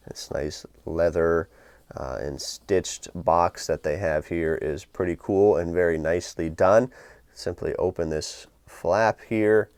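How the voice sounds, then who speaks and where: Male host, low smooth voice, friendly casual product review, dry close sound. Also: warm tone, dry recording. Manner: friendly, upbeat and enthusiastic. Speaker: watch review channel host.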